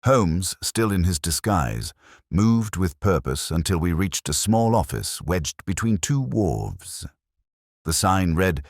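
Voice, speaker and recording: A man narrating a detective story in a measured, dramatic storytelling manner. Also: deep voice, big pitch swings, vocal fry, no room sound, studio quality. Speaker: audiobook narrator. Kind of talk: scripted narration.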